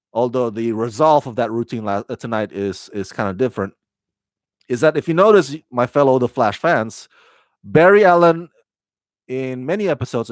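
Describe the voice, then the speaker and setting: A man's voice: medium pitch, no room sound. A man hosting a casual spoken TV review, talking in a rambling, chatty way with fillers and self-corrections. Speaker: TV review host.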